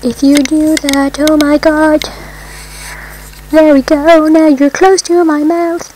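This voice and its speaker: Woman gamer, high voice, unhurried delivery, excitable and sweary, whoops at wins. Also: a little hiss or hum, poor audio. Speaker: gameplay commentator. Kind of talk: casual let's-play commentary.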